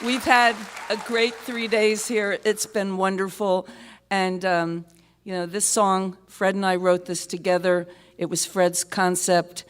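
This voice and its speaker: A tired woman singer-songwriter chatting between songs at a live concert, rambling and halting with many filler pauses and wry self-mocking humor. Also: medium pitch, level tone, smooth, a faint crowd. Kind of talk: stage banter between songs. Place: live concert stage in a hall. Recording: live concert hall reverb with band music.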